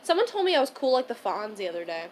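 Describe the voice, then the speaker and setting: A young woman co-hosting a casual podcast chat, blunt and profane, swinging from loud outbursts to mumbled asides. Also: a little high, big pitch swings, very fast, slight background noise. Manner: blunt, swears often, jumps between loud and mumbled. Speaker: podcast co-host.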